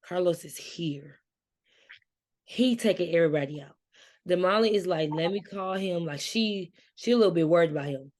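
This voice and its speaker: A woman in casual chat, recapping a book's plot quickly and emphatically. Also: fairly low pitch, a little mellow. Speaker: book-swap co-host. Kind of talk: casual book discussion.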